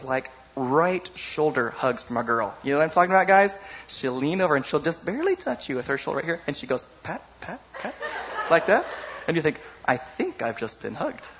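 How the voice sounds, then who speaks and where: A man preaching a sermon in a lively, conversational way, often asking the audience "you know?". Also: a little high, lo-fi sound.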